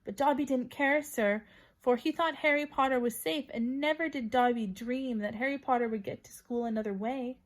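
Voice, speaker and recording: A woman's voice: high voice, normal speed, close to an everyday voice. A woman voicing a small, miserable male house elf who pleads in a whisper. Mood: anxious.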